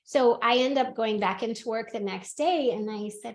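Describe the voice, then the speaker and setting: Animated storytelling woman, echoey room. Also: a little high, normal speed, few pauses. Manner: animated storyteller, acts out quotes, laughs often. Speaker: podcast host and medium. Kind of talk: casual storytelling chat.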